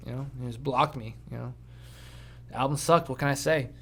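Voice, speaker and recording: A man's voice: mid-range voice, a little fast. A man co-hosting a podcast in casual, profane, ranting chat. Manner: animated, swearing, ranting. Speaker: podcast co-host.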